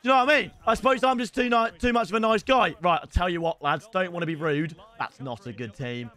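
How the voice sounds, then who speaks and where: Excitable high-voiced gaming streamer. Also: male voice, fast talker. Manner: excitable, swings between hype and groaning. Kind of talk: live gameplay commentary.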